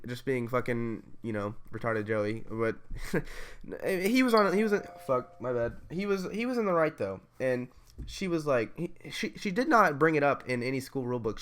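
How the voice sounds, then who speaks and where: A man at a mid pitch tells a story in loose, profane vlog speech. He rants, trips over his words and restarts often. The tone is casual and indignant. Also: animated, normal speed, a bit bright. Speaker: vlogger telling a story.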